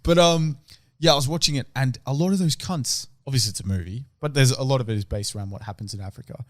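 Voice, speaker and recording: A young man in casual podcast chat, rambling and sweary, with his voice sinking at the ends of phrases. His pitch sits in the middle, and the sound is close and dry with no room around it. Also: quick pace, no echo. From Australia. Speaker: podcast co-host.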